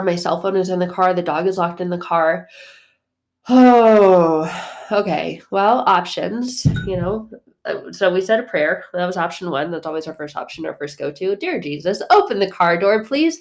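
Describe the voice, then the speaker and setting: A woman host telling a personal story in a casual, animated way, full of fillers, swinging from hushed asides to loud bursts. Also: fairly low pitch. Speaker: podcast host.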